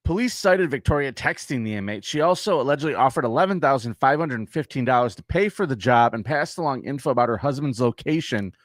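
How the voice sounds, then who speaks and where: A man's voice: medium pitch, animated, fast talker, hardly any pauses, dry recording, studio quality. A man co-hosting a comedy podcast, reading a crime story aloud and joking about it with casual swearing. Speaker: podcast co-host.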